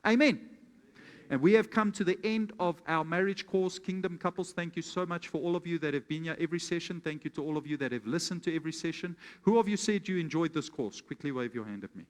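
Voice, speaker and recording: A man preaching from the pulpit, his voice a touch higher than most men's. He keeps asking the congregation questions and acts out a homely example story. Long reverb from the church hall trails after every line. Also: fast talker. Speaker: pastor. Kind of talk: sermon.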